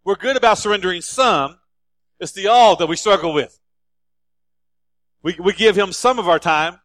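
A man's voice: high-pitched, normal speed, a bit bright, dry recording. A male pastor preaching a sermon in an emphatic, repetitive style.

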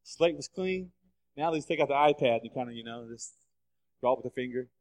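A man preaching a sermon, telling the story with lively changes of voice as he acts out the figures. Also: medium pitch, a little fast. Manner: animated storytelling, acting out quoted voices. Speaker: pastor. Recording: long hall reverb.

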